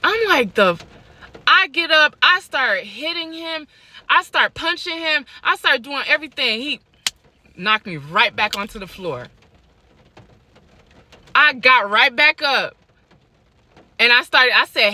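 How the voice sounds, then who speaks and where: A young adult woman telling a personal story on her vlog, animated, repeating lines for emphasis and laughing between them. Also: on the high side, measured pace, pauses often.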